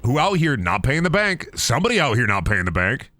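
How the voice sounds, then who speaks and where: A man's voice: medium pitch, very animated, brisk, sharp tone, dry recording. A man giving casual, joking, profane commentary to himself while streaming a game.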